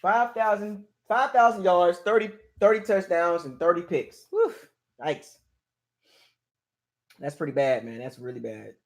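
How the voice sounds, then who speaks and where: This sports fan channel host speaks in a high-pitched voice without hurrying. Watching a game live on his own channel, he vents his frustration and exasperation, leaning again and again on the words "man" and "dog."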